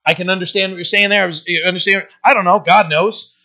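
Guy pastor preaching casual, high bright voice, keeps going "right?", kinda muffled lo-fi sound. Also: fairly even intonation, fast talker, gravelly. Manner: conversational, rambling, frequent "right?" asides and restarts. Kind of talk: informal Bible-study sermon. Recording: dull lo-fi recording.

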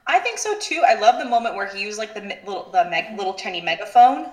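A woman's voice: medium pitch, lively intonation, quick pace, reverberant. A woman co-hosting a casual podcast, retelling events in a chatty way with fillers and giggles. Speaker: podcast co-host. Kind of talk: casual chat recapping a reality show.

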